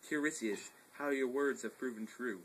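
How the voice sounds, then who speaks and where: A man's voice: medium pitch, normal speed, slight background noise, natural voice, rough recording. A man playing a chorus elder in an amateur play, who questions the messenger in a plain, casual reading. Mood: urgent. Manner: plain, casual line reading with stray laughs.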